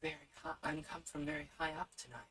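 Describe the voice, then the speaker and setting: A man whispering as a breathy, ancient wind spirit. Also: fairly high pitch, fairly even intonation, fairly quick, pushed and bright, pitched above the performer's own voice, poor audio. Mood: airy. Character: gentle ancient wind spirit, blind and tender. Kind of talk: whispered role-play.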